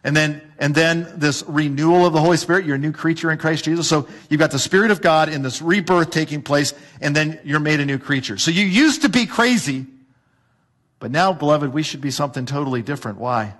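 A man preaches to his congregation in a church, his voice sitting a little high. He hammers his points with repetition and rhetorical questions. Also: a little fast, a bit bright. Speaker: pastor. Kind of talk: sermon.

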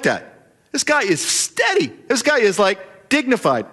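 A male pastor preaching a sermon with animated, humorous storytelling. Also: very high-pitched, measured pace, breathy edge.

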